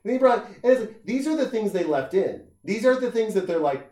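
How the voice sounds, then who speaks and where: A middle-aged man in casual comedic chat, talking in a profane, animated way and acting out the people he quotes in jumping voices. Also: high-pitched, fairly quick, hardly any pauses. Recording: roomy echo.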